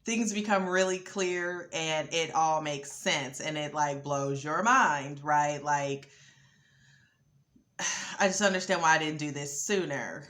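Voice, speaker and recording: A woman hosting her own channel, talking casually to camera with many ums and a building excitement. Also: low-pitched, slow. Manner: relaxed, lots of ums, rising excitement. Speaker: vlogger host.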